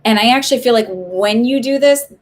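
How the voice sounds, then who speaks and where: A woman's voice: fairly high pitch, brisk. A woman giving casual psychic readings on a live stream, chatty and reassuring, with many likes and ums.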